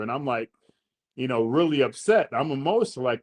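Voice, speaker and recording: A man's voice: medium pitch, normal speed, pauses often. A man hosting a podcast, casually telling a long story in slangy talk, acting out the quotes. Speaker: podcast host.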